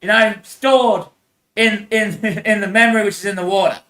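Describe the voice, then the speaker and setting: A man's voice: high-pitched, steady tone, moderate pace, sharp tone, reverberant. A man in a rambling monologue, repeating himself, swearing and laughing often.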